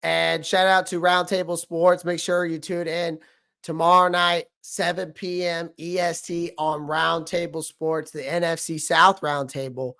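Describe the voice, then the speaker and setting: A man hosting a fan livestream about his football team, hoarse from losing his voice, talking bluntly and repeating his points. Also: a little high, level tone, a little slow, pushed and bright. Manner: blunt, emphatic, repeats himself. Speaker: sports fan show host. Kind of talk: livestream sports rant.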